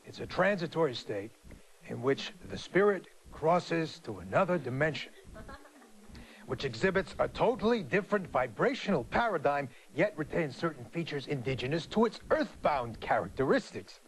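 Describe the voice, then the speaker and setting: Deadpan death-expert doctor, played by a man, jargon-heavy, fairly high, faint hiss. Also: normal speed. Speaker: guest expert. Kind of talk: satirical talk show comedy.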